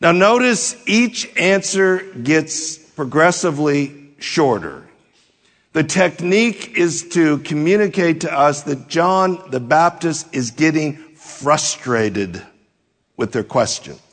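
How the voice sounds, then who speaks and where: A man preaching a verse-by-verse sermon, teaching deliberately and letting his voice fall low at the ends of phrases. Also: animated, a bit bright. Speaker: pastor. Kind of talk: expository sermon. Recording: long hall reverb.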